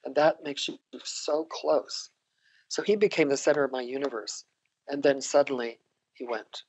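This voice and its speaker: A woman's voice: extremely low pitch, normal speed, darkish tone, slightly rough, poor audio. An older woman, a guest on a podcast, telling reflective personal stories and laughing often. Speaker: interview guest, psychotherapist. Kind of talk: conversational storytelling.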